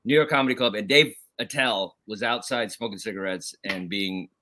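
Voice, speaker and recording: Bright-voiced comedian guest chatting. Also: male voice, lowish voice, moderate pace, a little hiss or hum. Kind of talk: casual chat.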